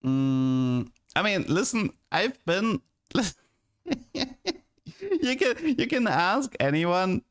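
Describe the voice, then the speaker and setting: A man's voice: high-pitched, big pitch swings, extremely slow, long pauses, fairly bright tone. A young man streaming and chatting casually, rambling and stammering, often repeating words and laughing.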